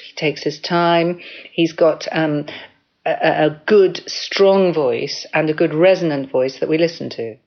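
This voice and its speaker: A woman voice coach explaining things calmly in a radio interview, giving spoken examples as she goes. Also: low voice, lo-fi sound.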